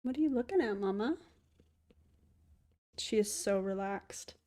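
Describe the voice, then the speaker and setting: A woman's voice: medium pitch, lively intonation, measured pace, warm tone. Woman host, casual stream chat, mid-range voice, affectionate cooing. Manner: chatty, often coos to her cat.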